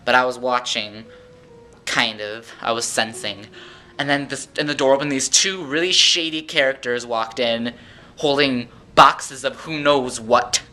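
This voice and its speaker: Guy rambling thru a story on his vlog, super bright tense voice, does the voices of everyone he quotes. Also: mid-range voice, unhurried. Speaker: vlogger. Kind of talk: casual storytelling monologue.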